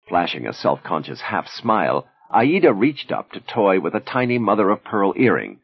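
Husky low-voiced male narrator. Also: very animated, moderate pace, few pauses, no room sound. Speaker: audiobook narrator. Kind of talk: scripted narration. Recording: dull lo-fi recording.

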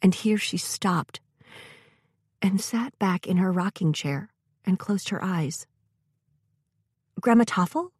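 A woman narrating a story in a measured, gentle way. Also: on the low side, husky, no room sound, studio quality.

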